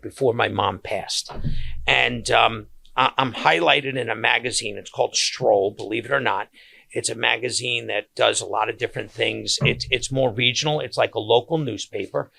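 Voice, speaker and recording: A man's voice: medium pitch, normal speed, vocal fry. An older man with a Long Island accent hosting a podcast, telling family stories casually with many restarts. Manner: animated storyteller with many restarts. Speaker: podcast host, caterer. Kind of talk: casual storytelling.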